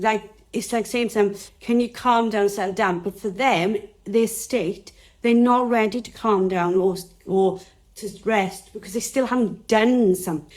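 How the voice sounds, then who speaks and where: A woman's voice: mid-range voice, darkish tone. A woman with a Welsh accent, a dog trainer hosting a casual live teaching session, chatty and rambling as she talks straight to her viewers.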